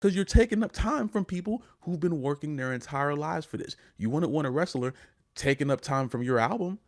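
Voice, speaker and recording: A man's voice: a little high, lively intonation, a little fast. A man co-hosting a wrestling podcast, ranting in casual chat and often repeating his words. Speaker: podcast co-host.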